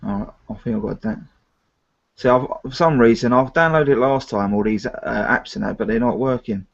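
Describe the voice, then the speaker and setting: A man's voice: mid-range voice, moderate pace, creaky. A man co-hosting a casual live-stream chat, rambling and retelling stories with many restarts. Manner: chatty, rambling with restarts and retold dialogue. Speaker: co-host of a film review live chat. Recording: muffled lo-fi live stream audio.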